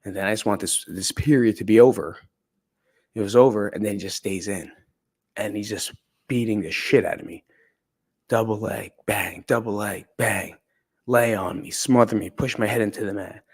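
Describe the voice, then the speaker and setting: A man's voice: on the low side, normal speed. A man candidly telling a personal story in a conversational, profane way. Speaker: podcast speaker.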